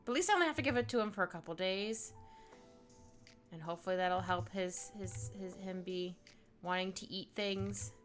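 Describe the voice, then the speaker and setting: A woman's voice: mid-range voice, normal speed, soft background music. A woman chatting casually on a live stream while she draws, reading chat aloud, laughing often and trailing off mid-thought.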